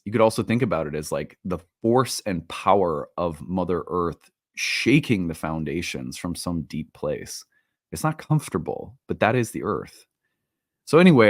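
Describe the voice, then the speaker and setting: A man hosting an astrology video in a casual talk, animated and self-deprecating, laughing at his own jokes, recorded at home. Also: low-pitched, dry recording, studio quality. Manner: self-deprecating, playful asides. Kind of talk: casual solo talk to camera. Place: home room with open windows.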